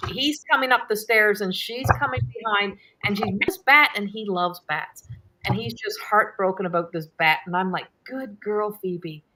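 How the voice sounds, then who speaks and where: Bright-voiced woman telling lively stories. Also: mid-range voice. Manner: animated, laughs often, acts out her own shouts. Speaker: host. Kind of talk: casual live Q&A storytelling.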